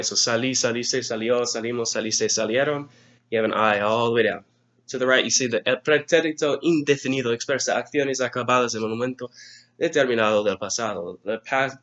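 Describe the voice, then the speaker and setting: A man's voice: medium pitch, a bit bright, lo-fi sound. A male Spanish teacher patiently walking students through an exam review lesson, step by step.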